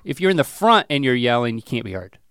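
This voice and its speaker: A middle-aged man chats on a podcast, spinning rambling, self-deprecating yarns. His pitch jumps around a lot, and the sound is dry and close-miked. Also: fast, smooth, no room sound. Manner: rambling, self-mocking storytelling with lively pitch swings. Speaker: podcast co-host. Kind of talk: casual comedic chat.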